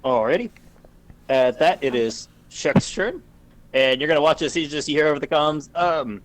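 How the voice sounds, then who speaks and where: A man narrating a tabletop game as game master, calmly describing the action and explaining the rules over voice chat. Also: fairly high pitch, normal speed, a little hiss or hum.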